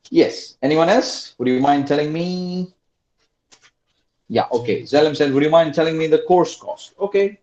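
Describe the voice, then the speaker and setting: A male English teacher runs an online class, repeating his prompts and coaxing quiet students to answer. His pitch moves up and down a lot. The sound is roomy, dull and lo-fi, as from a computer mic.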